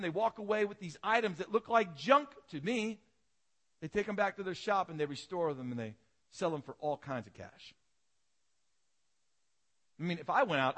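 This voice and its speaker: A man's voice: a little high, a bit bright. A man preaching a sermon as pastor, telling stories animatedly and acting out the voices in them.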